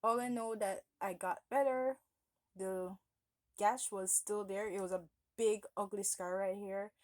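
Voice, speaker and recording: A woman's voice: mid-range voice, fairly even intonation, a little slow, dry recording. Rambling woman telling a casual story. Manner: rambling, often correcting herself mid-sentence. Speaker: vlogger telling a personal story.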